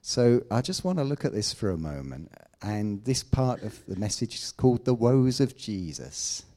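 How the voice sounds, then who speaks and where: A man preaching a sermon, emphatic, with loud declamations and quiet asides. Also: fairly low pitch, sing-song, normal speed.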